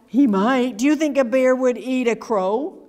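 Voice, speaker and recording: Her voice sits high and she takes her time as she reads a picture book to the kids at library story time. She's animated and sing-song, stopping to put questions to the children.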